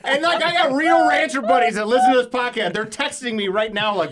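A man hosting a podcast, telling loud, animated stories in casual chat and swearing freely. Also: very high voice, fairly quick, hardly any pauses. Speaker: podcast host.

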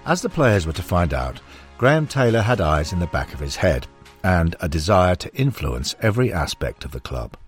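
Deep, husky male audiobook narrator. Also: big pitch swings, faint music behind. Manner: measured storytelling.

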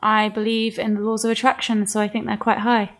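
Chatty woman co-hosting, slightly high voice. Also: completely flat delivery, a little fast. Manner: chatty, playfully earnest. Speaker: podcast co-host. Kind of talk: casual chat.

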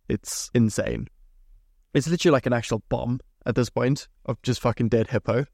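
A man's voice: mid-range voice, a little mellow, no echo, clean studio sound. A young man from Zimbabwe hosting a podcast, telling rambling, chatty stories with casual swearing. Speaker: podcast host. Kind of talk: casual storytelling monologue.

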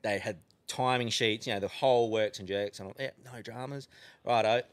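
A man's voice: on the low side, normal speed, clean tone. A man with an Australian accent, a podcast guest telling casual stories full of swearing. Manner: profane, animated yarn-spinning with frequent swearing. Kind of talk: casual storytelling.

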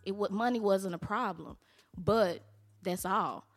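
A woman's voice: medium pitch, a little slow, faint music behind. A woman as an interview guest, telling her own story candidly in blunt, colloquial talk with some cursing. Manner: blunt, colloquial, salty language.

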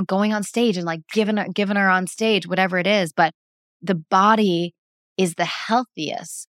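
A woman guest speaking calmly and earnestly in casual interview talk, with many "like" fillers. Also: lowish voice, no echo, clean studio sound. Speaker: breathwork practitioner, guest.

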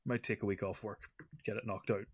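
A man's voice: fairly low pitch, steady tone, brisk, husky, dry recording, studio quality. A man co-hosting a gaming podcast in casual chat, self-deprecating and often trailing off in mumbled asides. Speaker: podcast co-host. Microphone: podcast microphone.

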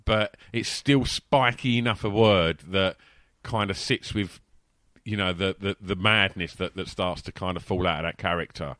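A man, co-hosting a casual chat and talking in an animated, laughing way with many restarts. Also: low-pitched, moderate pace, no echo, studio quality. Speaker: podcast co-host.

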